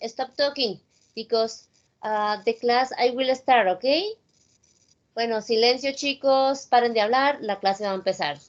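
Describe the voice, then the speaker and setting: Speaking a little high at normal speed, a woman with a Spanish accent gives online English class instruction, mixing simple English with Spanish in an encouraging way. The call audio sounds dull and lo-fi.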